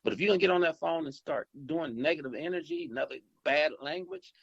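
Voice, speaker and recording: A man's voice: fairly high pitch, wildly swooping pitch, fast, vocal fry, slightly rough, dry recording. A middle-aged man, an insurance agency owner and investor, giving rambling advice in a phone interview, with many repeats and restarts as he acts out calls with customers. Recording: dull lo-fi phone line.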